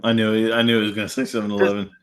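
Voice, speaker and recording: A man's voice: on the low side, monotone, fairly bright tone. A man on a live panel stream, chatting casually, swearing and laughing along with his friends. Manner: easygoing, swearing, quick to laugh. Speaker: panel guest. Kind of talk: casual chat.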